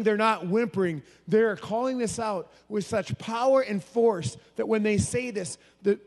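A man preaching a sermon, moving between hushed, low passages and loud, animated bursts. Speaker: pastor. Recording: long hall reverb.

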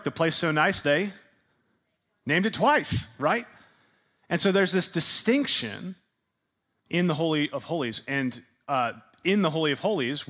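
A man's voice: mid-range voice, a bit bright. Man teaching a sermon, questioning listeners. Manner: asks the audience questions and repeats their answers; emphatic, leans into repeated words. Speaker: pastor teaching a class.

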